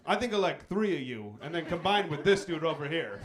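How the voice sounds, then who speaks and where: A man with a somewhat high, sing-song voice talks fairly quickly while doing stand-up in a club. He teases the crowd with profane, riffing crowd work, and the live club recording picks up audience laughter.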